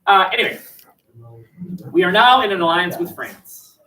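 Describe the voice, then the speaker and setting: Animated jokey history teacher. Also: male voice, high-pitched, normal speed. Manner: jokey, acts out quotes, many fillers. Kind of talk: lively classroom lecture. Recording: voice from far off the mic in a classroom.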